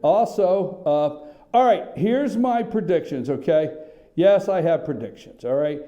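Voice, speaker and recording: A man's voice: on the high side, expressive, measured pace, muffled recording. A man hosting a political talk radio show from a small studio, rambling, worked up and sarcastic as he riffs.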